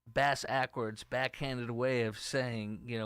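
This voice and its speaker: A middle-aged man hosts his own political talk show and rambles through opinionated commentary while reading out viewer comments. His voice is smooth and resonant. The sound is dry and close, with no room echo. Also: mid-range voice, normal speed, a bit bright.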